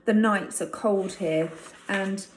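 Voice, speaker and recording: A woman reading a storybook aloud, voicing a tired, polite stranded pilot who speaks haltingly. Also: mid-range voice, close to an everyday voice. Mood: weary. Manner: halting, slow. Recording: roomy echo.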